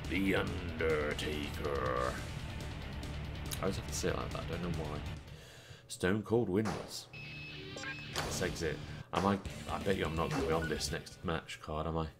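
A man with a very deep voice talks casually over a wrestling game, dry and self-mocking, with the odd mild swear. Loud guitar game music plays steadily behind him. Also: steady tone, normal speed. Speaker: gaming streamer. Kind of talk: casual let's play commentary.

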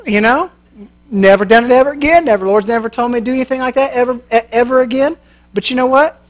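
A man with a rather high voice preaches to a church crowd. He tells his story in a loose, folksy way, cracks jokes and laughs at his own lines. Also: fast talker. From American Midwest. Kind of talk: sermon with storytelling.

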